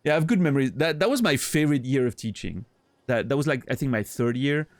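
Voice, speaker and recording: A man's voice: medium pitch, animated, fast talker, dry recording, studio quality. Rambling man chatting on stream. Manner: rambling, many restarts and fillers, laughs easily. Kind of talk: casual chat with viewers.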